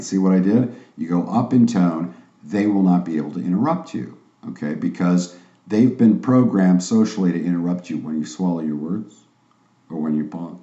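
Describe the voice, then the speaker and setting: A man teaches a sales training course online with a low, warm voice at a moderate pace. He sounds confident and emphatic, with a salesy manner. The recording is roomy and slightly dull.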